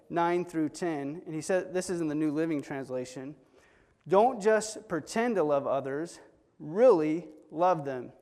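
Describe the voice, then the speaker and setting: A man's voice: fairly high pitch, a little mellow, long reverb tail. A man preaching a sermon in an earnest, storytelling manner, acting out quoted voices as he goes.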